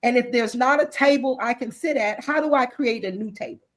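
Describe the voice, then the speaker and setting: A woman with a fairly high voice talks a little fast over a video call, appearing as a guest author and executive in an interview, on a low-quality recording. Her impassioned speech carries earnest, faith-driven conviction, and she frequently restarts or repeats her words.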